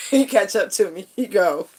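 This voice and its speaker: A woman's voice: mid-range voice, animated, unhurried, dark tone, slight background noise. A middle-aged woman vlogging, telling stories casually in a loose, playful way and laughing often. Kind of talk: casual storytelling monologue.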